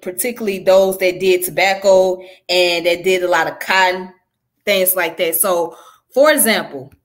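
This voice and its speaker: Fast-talking Southern woman streamer. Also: medium pitch, a bit bright. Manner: fast-talking, conversational, says "you know what I'm saying". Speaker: livestream host teaching history. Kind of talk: casual live-stream lesson.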